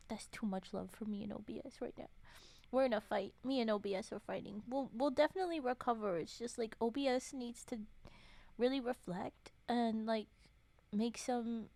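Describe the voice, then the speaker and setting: A woman's voice: a little high, moderate pace, dark tone, no echo. A woman streamer reading folktales aloud on a casual stream, breaking off often to chat and joke. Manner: chatty, swears and laughs, interrupts the reading with comments.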